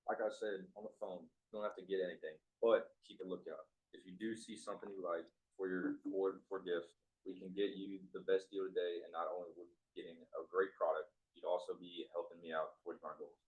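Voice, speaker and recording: Casting: low-voiced male trainee, stiff rehearsed sales pitch. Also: little pitch movement, fairly quick, darkish tone, rough recording. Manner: reads a memorized script, a little stiff.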